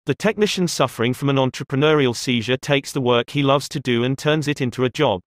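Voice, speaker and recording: A man gives measured, expressive audiobook narration in a medium-pitched voice. The studio sound is clean, with no room sound at all.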